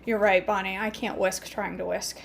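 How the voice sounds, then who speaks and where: A woman's voice: mid-range voice, little pitch movement, moderate pace, gravelly, background noise. A middle-aged woman chatting casually to her viewers while cooking in her home kitchen, joking about herself and answering comments by name. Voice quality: chatty, self-mocking, talks to viewers by name. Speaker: cooking vlogger.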